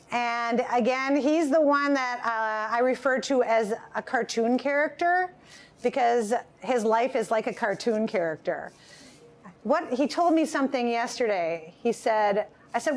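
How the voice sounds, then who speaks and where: A woman from Wisconsin introducing a video about her brother in an unhurried way, with many fillers. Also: fairly high pitch, animated. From Wisconsin, USA. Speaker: restaurant owner introducing video. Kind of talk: casual introduction.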